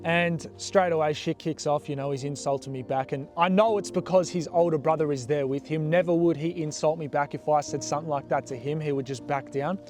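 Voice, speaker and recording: A young man telling a story from his past in a casual, animated way, blunt and swearing freely. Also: a little high, brisk, few pauses, soft background music. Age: young adult.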